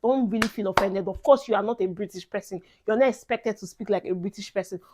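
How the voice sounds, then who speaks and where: Over a noisy background, her mid-range voice moves at a quick pace. The young Nigerian vlogger offers incoming students casual advice, emphatic and conversational, dropping in bits of Pidgin.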